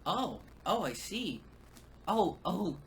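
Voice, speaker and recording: A man's voice: high-pitched, big pitch swings, slow, breathy edge. A man giving sarcastic video commentary, stammering and repeating words.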